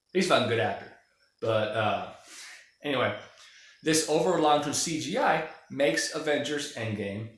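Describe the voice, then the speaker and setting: In a very echoey room, a film commentator delivers a rambling, opinionated and profane casual monologue about movies. His voice is medium-pitched with a fairly bright tone.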